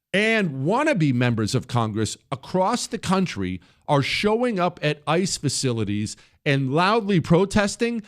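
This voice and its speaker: A man hosting a political talk radio show, delivering a combative, sarcastic monologue that repeats phrases for emphasis. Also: a little high.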